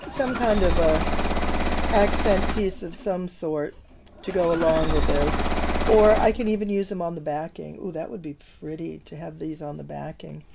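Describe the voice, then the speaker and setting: A woman's voice: fairly low pitch, heavy background noise. A middle-aged woman giving a casual quilting tutorial, chatty and enthusiastic, gushing over her fabrics as she works. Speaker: quilting teacher.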